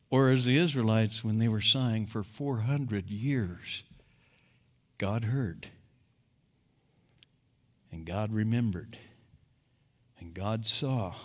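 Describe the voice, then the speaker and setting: A man preaching a sermon as pastor, emphatic, moving between quiet, low passages and loud, rising exhortation. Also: slow, long pauses. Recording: long hall reverb.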